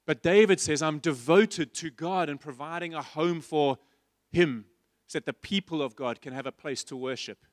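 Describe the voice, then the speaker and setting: A man's voice: a little high, moderate pace, no room sound, studio quality. A man preaching a sermon in church, passionate and repetitive, asking his listeners rhetorical questions. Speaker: pastor.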